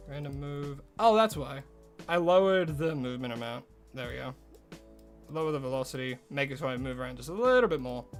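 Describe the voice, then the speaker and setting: Young guy streaming, chatty and sweary, slightly high voice, quiet music in back. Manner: chatty, swears casually, laughs often. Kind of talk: casual live-stream chat. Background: faint music.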